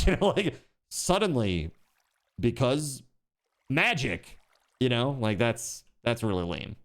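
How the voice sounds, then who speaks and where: Excitable, lively male game streamer. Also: mid-range voice, slow, long pauses. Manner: excitable, yelps and laughs at the game. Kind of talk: live gaming stream chat.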